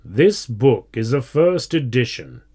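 A man's voice: medium pitch, very animated, a little mellow, husky, full character voice. A man doing a stern, strict schoolteacher. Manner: stern, measured.

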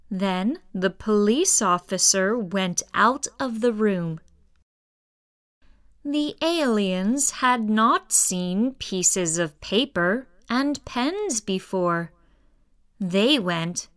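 Slow, clear woman reading a children's story. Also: medium pitch. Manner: slow, careful, expressive reading.

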